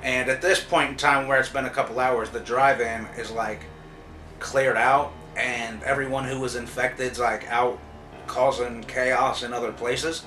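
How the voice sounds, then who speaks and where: A man's voice: mid-range voice, fairly even intonation, unhurried, bright, forceful tone. Man giving a loose, cussing episode recap. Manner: loose, profane storytelling with lots of "like" and "uh". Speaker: TV episode reviewer. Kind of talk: casual spoiler recap. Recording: roomy echo, distant mic, faint music.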